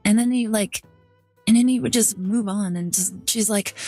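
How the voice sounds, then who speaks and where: A woman's voice: mid-range voice, fairly even intonation, normal speed, mellow, faint music behind. A woman streamer telling a story in casual chat, rambling with lots of "like" fillers and restarts. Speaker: VTuber streamer.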